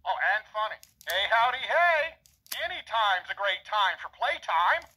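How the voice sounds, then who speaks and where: A man's voice: sits high, big pitch swings, a little slow, bright, forceful tone, exaggerated voice, low-quality recording. A man voicing a jolly cartoon cowboy toy in short voice box phrases, chipper and chuckling in a cowboy drawl.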